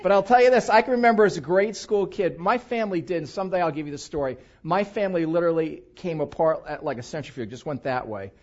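Older man, sermon, humorous self-mocking stories, high voice, dull lo-fi sound. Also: quick pace, few pauses. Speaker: pastor. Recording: dull lo-fi recording.

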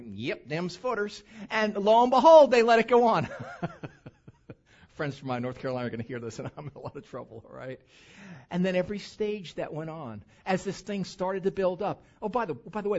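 Male preacher, lively pitch swings, slightly dull lo-fi church recording. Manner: lively, animated preaching with mock-drawl asides. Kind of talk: sermon with humorous anecdote. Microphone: handheld or stage microphone.

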